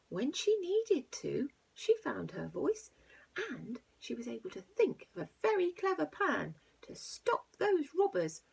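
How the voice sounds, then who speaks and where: A teacher reads a picture book aloud to young children, hamming up the animal noises and slipping into hushed asides between lines. Her voice is lowish and gravelly with a breathy edge.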